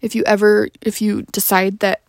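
A young woman, a podcast host and mother, talking in a heartfelt personal monologue, gushing and tender with many ums and soft whispered asides. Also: medium pitch, level tone, moderate pace, no echo.

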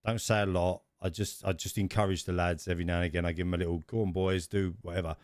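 Guy, low voice, podcast co-host, animated stories, dry close mic. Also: quick pace, dry recording. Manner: animated storytelling, rising when worked up. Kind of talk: casual chat.

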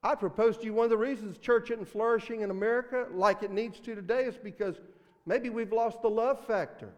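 A man with a Mississippi accent preaching a sermon as pastor, earnest, swinging between loud emphasis and hushed asides. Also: high-pitched, fairly quick, big-room sound, muffled recording. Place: church sanctuary.

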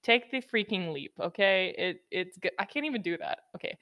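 A woman's voice: lowish voice, a little fast, few pauses, a bit bright, no echo, studio quality. A young woman hosting a solo motivational podcast, blunt and profane, giving teasing tough-love advice into a podcast microphone. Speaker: podcast host.

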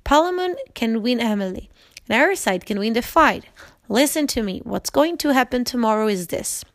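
A woman reading the lines of an old, wise male god in a storybook reading, calm and assured. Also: on the high side, moderate pace, no room sound, studio quality.

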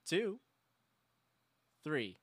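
A man hosting a comedy talk show, exasperated and deadpan, swearing as he gives up. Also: on the high side, drawn-out words. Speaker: show host.

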